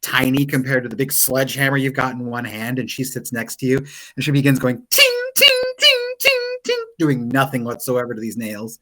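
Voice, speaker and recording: A man narrating scenes as game master of a tabletop game, in a relaxed storytelling manner full of fillers. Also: medium pitch, brisk, low-quality recording.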